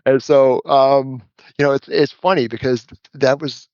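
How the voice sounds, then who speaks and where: A man as an interview guest, telling stories in a relaxed, rambling way and chuckling often. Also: mid-range voice, measured pace, smooth, dry recording, dull audio. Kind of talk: casual storytelling chat.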